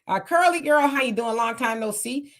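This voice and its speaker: A woman's voice: on the high side, lively intonation, moderate pace. A middle-aged woman hosting a live stream, chatty, laughing often and greeting viewers. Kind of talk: casual live chat reading comments.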